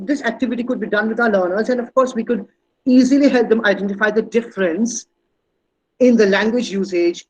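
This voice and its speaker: A man's voice: sits high, poor audio. A man giving an online teacher-training talk, hesitant with many fillers and restarts, and leaning hard on stressed words when he demonstrates them. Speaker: guest speaker on language teaching.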